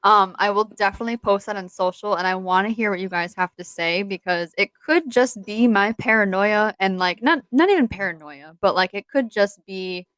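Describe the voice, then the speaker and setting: A woman's voice: mid-range voice, moderate pace, few pauses, fairly bright tone, no room sound, poor audio. Rambling young woman, lots of "like". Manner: rambling, many "like" fillers, giggly. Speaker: podcast co-host. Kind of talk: casual chat.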